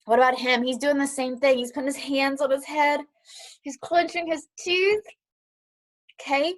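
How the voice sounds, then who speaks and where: A woman's voice: high-pitched, steady tone, moderate pace. A woman teaching an online lesson to young children from home, encouraging and patient. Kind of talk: online class lesson and read-aloud. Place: at home, dog nearby.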